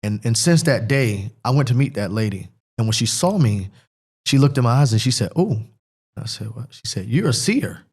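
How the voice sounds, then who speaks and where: A man's voice: mid-range voice, expressive, moderate pace, darkish tone, slightly rough. Earnest man telling his life story. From Pennsylvania. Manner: rambling and repetitive, earnest, breaks up with emotion. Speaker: guest, former football player. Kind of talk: emotional personal testimony.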